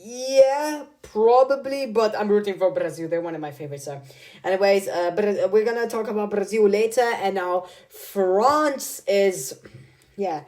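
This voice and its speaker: This is a young man chatting through his football predictions. His delivery is loose and slangy, with lots of filler, repeated words and restarts as he thinks out loud. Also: high-pitched, measured pace. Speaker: football video creator. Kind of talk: casual prediction commentary.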